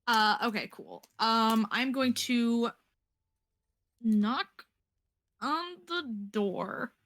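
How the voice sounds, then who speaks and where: A woman playing a character in a tabletop game, anxious and full of quick questions. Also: a little high, expressive, fairly bright tone. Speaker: player.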